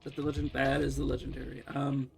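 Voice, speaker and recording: A man's voice: medium pitch, monotone, quick pace, creaky. A man streaming a game, rambling in casual commentary, swearing and talking to the characters on screen. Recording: faint game music underneath.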